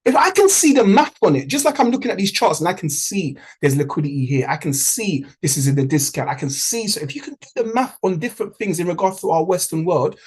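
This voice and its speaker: A man's voice: sits high, expressive, fast talker, few pauses, slightly rough, poor audio. A man leading a trading community on a group video call. He talks in a punchy, motivational way and repeats lines for emphasis.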